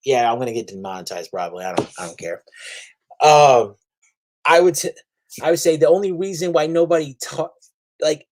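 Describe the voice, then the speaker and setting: A man's voice: a little high, moderate pace. A man hosting a casual comic book review vlog, rambling and restarting often, trash-talking with crude language and laughing at his own jokes. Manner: animated, profane trash talk with laughter; rambling with frequent restarts and fillers. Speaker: comic book video host.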